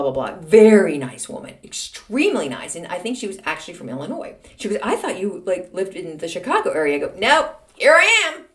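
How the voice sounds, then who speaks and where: A middle-aged woman hosting a solo podcast, chatting in a self-deprecating, animated storytelling way. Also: mid-range voice. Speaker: podcast host. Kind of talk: casual solo podcast monologue.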